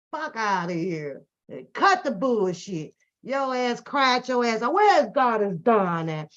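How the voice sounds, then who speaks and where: A woman telling stories and giving comedic commentary in a profane, animated, joking way. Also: on the high side. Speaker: reaction channel host. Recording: dull lo-fi recording.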